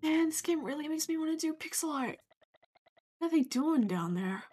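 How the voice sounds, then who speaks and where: A young woman streaming a game, talking casually and swearing freely, with loud outbursts at enemies. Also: high-pitched, expressive, moderate pace. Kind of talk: casual gameplay commentary. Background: faint game music.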